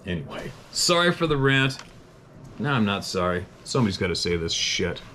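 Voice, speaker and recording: A man with a fairly low voice hosts an unscripted podcast, ranting bluntly and cursing freely. Between his tirades he chuckles at himself and reads out listener letters, with a faint hum of ambience behind him. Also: big pitch swings, normal speed, pushed and bright. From Canada. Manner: blunt, profane, heated ranting; self-deprecating chuckles.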